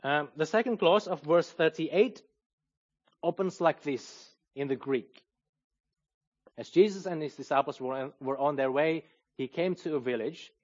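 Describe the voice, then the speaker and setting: A man preaching a sermon, explaining a Bible passage in a measured, teaching manner. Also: a little high, dull audio. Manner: measured, explanatory, lively intonation.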